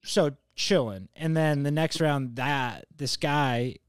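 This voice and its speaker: A man's voice: on the high side, takes it slowly, clean tone, no echo. A man hosting a podcast, spinning a long story in loose, casual chat. He rambles, restarts his sentences, leans on fillers and swears freely. The sound is dry and close, with no room around it. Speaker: podcast host.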